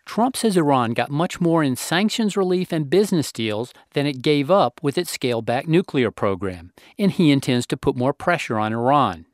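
A male national security correspondent reading a scripted news report in a measured, emphatic way. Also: mid-range voice, expressive, no echo, clean studio sound.

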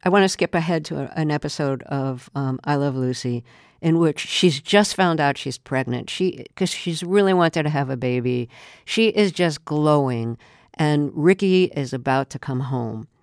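A woman's voice: low-pitched, normal speed, darkish tone, dry recording, clean studio sound. A woman hosting a radio interview, chatting and setting up clips. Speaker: radio host.

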